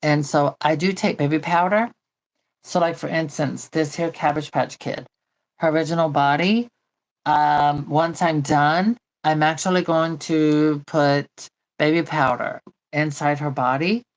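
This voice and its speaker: A woman's voice: sits low, fairly even intonation, unhurried, poor audio. A woman hosting a doll channel, chatting casually while she demonstrates.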